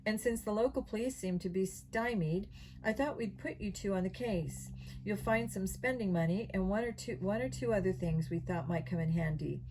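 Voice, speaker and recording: A woman's voice: mid-range voice, normal speed, background noise, close to an everyday voice. Storybook spymaster, grave and unsmiling, man, read by a woman. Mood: serious. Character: stern secret-agency director, man, never smiles.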